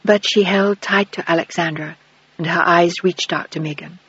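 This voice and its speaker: A man narrating an audiobook in an even, measured reading. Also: high-pitched, husky, no room sound. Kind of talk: scripted narration. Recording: dull lo-fi dry recording.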